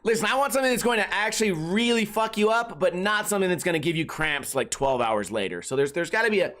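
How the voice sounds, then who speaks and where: A man in his thirties with a somewhat high voice hosts a loose comedy podcast. He rambles crudely and swears freely, stringing his thoughts together with constant filler words. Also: lively intonation, fast talker, fairly bright tone. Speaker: podcast host. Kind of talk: casual comedic podcast monologue.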